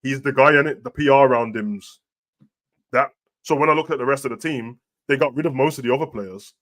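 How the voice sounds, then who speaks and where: A man with a mid-range, fairly bright voice talks fairly quickly as a podcast host. He's an adult with a young son, chatting casually and animatedly about football and boxing while dropping slang constantly.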